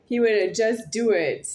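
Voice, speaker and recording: A woman's voice: medium pitch, darkish tone, slight background noise. A woman talking to camera in a rambling monologue, repeating and circling her phrases insistently. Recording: roomy echo.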